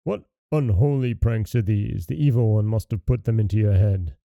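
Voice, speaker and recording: A man's voice: lowish voice, moderate pace, vocal fry, mellow, no echo, studio quality. A man voicing a weary, exasperated father who scolds his son in a storybook reading. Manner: scolding, sighing.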